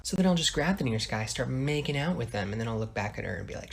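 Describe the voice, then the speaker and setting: A man telling a comic story about his own life in a deadpan way. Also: mid-range voice, fast, gravelly, hardly any pauses, a little hiss or hum. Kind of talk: casual storytelling.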